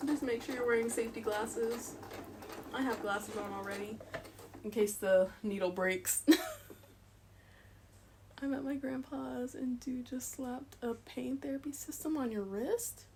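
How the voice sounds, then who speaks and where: A woman's voice: fairly high pitch, takes it slowly, long pauses, a little mellow, slight background noise. A young woman streaming live as she sews, chatting and giggling and muttering to herself as she works. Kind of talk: live-stream chat while sewing.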